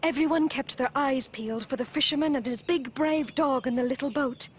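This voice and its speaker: Brief: British woman, children's TV presenter, high and animated storytelling voice with faint background noise. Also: a little fast. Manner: expressive, playful storytelling.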